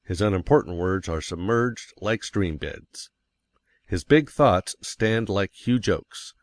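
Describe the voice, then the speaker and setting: A man reading nonfiction aloud as an audiobook narrator, in a measured, deliberate manner. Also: on the low side, dry recording.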